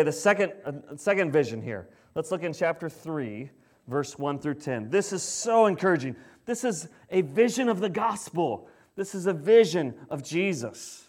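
A middle-aged man preaching a sermon in a conversational way, often asking the congregation questions and dropping to a hushed, solemn tone when reading scripture. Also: a little high. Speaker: pastor.

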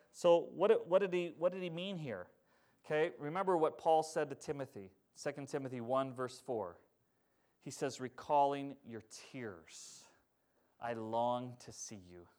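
A man preaching a sermon as pastor, swinging from loud urgent passages to quiet earnest ones and calling out to the congregation for responses. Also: mid-range voice.

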